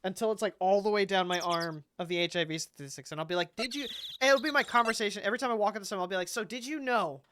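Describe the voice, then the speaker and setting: A woman's voice: medium pitch, racing, hardly any pauses, background noise. A woman streaming a game and chatting casually, rambling and joking with frequent laughter. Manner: rambling, jokey, laughs a lot. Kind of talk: casual gaming livestream chat.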